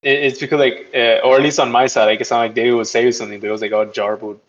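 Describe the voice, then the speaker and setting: A man's voice: mid-range voice, little pitch movement, rapid-fire. Rambling man on muffled voice chat. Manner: rambling, swears, mock-incredulous. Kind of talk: casual chat over voice call.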